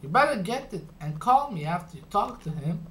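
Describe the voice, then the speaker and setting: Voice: mid-range voice, very animated, fairly quick, fairly bright tone. A guy doing a gossipy teen girl on the phone. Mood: teasing.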